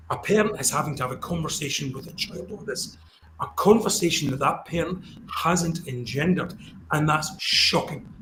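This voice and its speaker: A man's voice: on the high side, a bit bright. Indignant man in a roomy room. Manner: earnest, indignant. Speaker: podcast co-host. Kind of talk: casual panel discussion. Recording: roomy with faint noise.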